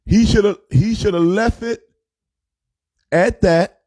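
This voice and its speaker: New guy preaching about his team like it's sunday service, kinda high voice but mellow, dry sound. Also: takes it slowly, no room sound. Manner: preachy, boastful, playful with sing-song cadences. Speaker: pastor. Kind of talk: comic sermon-style sports rant.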